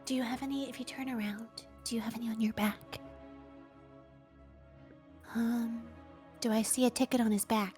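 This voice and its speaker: A woman's voice: a little high, steady tone, moderate pace, long pauses, a little mellow, soft background music. A woman playing in a tabletop game, curious and playful, asking a lot of questions. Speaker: player.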